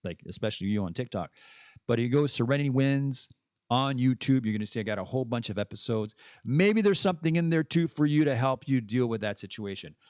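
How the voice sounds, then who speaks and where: A man's voice: medium pitch, lively intonation, a little fast, darkish tone, dry recording, studio quality. A man hosting a podcast, talking candidly and in a rambling way about recovery. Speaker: podcast host. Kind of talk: casual monologue.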